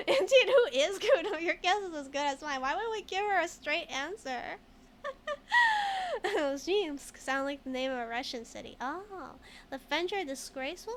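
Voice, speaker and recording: High-pitched giggly girl streaming a game, chatty, reading lines out and talking to chat, bit of hiss. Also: sing-song, normal speed, a bit bright. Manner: chatty, giggly, reads game text aloud and answers chat.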